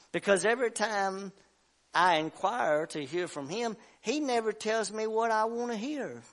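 A man preaching a sermon as pastor of a church, acting out the voices of the story and rising at times to shouts. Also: high voice, expressive, measured pace. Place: church sanctuary.

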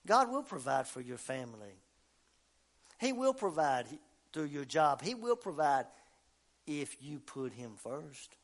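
A man preaching a fervent sermon, swinging between quiet talk and shouting. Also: fairly high pitch, very animated, measured pace, pauses often. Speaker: pastor.

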